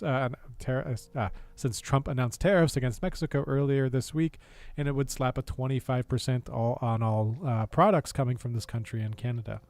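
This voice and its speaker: An American man streaming casual political commentary, sarcastic and laughing often, with halting speech full of fillers and restarts. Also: mid-range voice, darkish tone, dry recording. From United States.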